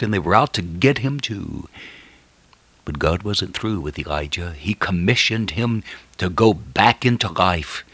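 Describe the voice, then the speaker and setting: A man with a very low, husky voice preaches, retelling Bible stories with drama. His tone is bright and forceful even at that depth. He swings from hushed, near-whispered lines to emphatic ones, and the recording is close and completely dry. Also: dry recording. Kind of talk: sermon.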